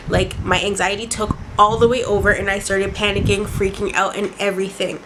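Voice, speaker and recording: A woman in her twenties from Canada, telling a dramatic storytime vlog in a casual, profane, animated way. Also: mid-range voice, moderate pace, few pauses, a little hiss or hum, rough recording. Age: 20s. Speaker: vlogger.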